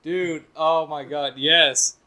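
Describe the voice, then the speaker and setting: A man's voice: fairly high pitch, fairly even intonation, slow, sharp tone. A man co-hosting a podcast in casual chat, teasing and laughing often. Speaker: podcast co-host.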